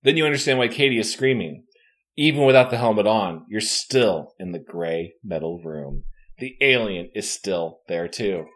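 A man reads a gamebook aloud to his friends with an animated voice. His pitch swings widely as he narrates, with casual asides in between. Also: normal speed. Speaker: game narrator.

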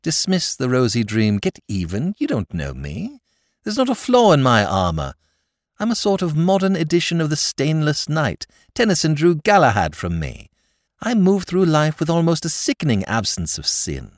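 A man voicing a brash, mocking young English gentleman in an audiobook reading, theatrical and quick-tongued. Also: on the high side, wildly swooping pitch, dry recording, clean studio sound, pitched above the performer's own voice. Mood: bantering.

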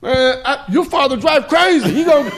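A man voicing a grumpy, brash male Pomeranian dog in loud, high, slangy bursts as a comic bit. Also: expressive, moderate pace, slight background noise. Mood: manic. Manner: shouted street slang, high and strained. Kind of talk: comedic character voice.

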